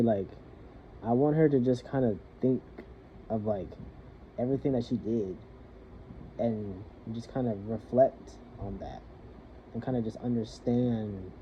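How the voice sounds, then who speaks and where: Young man venting, halting and rambling. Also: medium pitch. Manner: rambling, halting, swears freely. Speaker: soldier venting. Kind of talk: personal venting monologue. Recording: muffled lo-fi with faint hiss.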